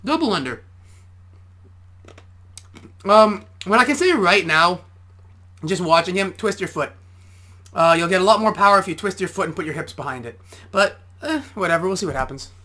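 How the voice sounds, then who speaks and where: A man's voice: sits high, expressive, normal speed, long pauses, bright, forceful tone. A man, an amateur boxer, giving casual reaction commentary and explaining boxing technique step by step.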